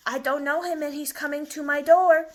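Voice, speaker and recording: A woman voicing an excitable young male puppet dog who bursts into loud barking. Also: high-pitched, normal speed, voice pushed up, lightly acted. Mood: worried.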